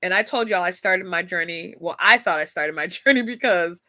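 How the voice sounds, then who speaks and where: Bright-voiced chatty woman host. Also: lowish voice, moderate pace, no echo, studio quality. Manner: chatty, laughing often, addresses listeners directly. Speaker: podcast host. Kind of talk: casual faith-based talk.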